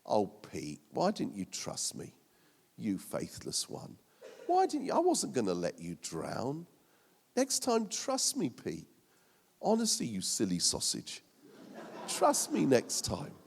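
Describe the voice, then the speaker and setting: A man voicing a tender male teacher who scolds softly and affectionately. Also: mid-range voice, wildly swooping pitch, slow, gravelly, slightly rough, in a large hall, pitched below the performer's own voice, full character voice. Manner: soft, affectionate teasing.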